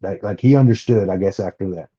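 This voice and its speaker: Man, from Oklahoma, podcast guest, personal storytelling, halting with repeated words, warm tone, muffled lo-fi audio. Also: deep voice. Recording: dull lo-fi sound.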